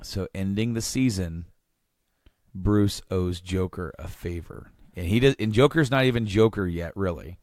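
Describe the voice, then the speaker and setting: A man's voice: low voice, a little slow, a little mellow, dry recording, studio quality. A man hosting a podcast, recapping with rambling, enthusiastic casual chat and many restarts. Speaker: podcast host.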